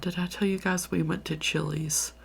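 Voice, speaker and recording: A woman's voice: on the low side, steady tone, moderate pace, creaky. A tired woman with a Southern US accent, telling a story in a rambling, half-whispered ASMR style. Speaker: ASMR creator. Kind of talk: soft-spoken ASMR ramble.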